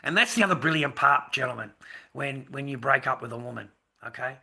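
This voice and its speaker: Blunt, sharp-toned man ranting. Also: medium pitch, animated, a little fast, creaky, husky. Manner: blunt, profane, rambling, stammering restarts. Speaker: livestream host. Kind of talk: casual livestream rant.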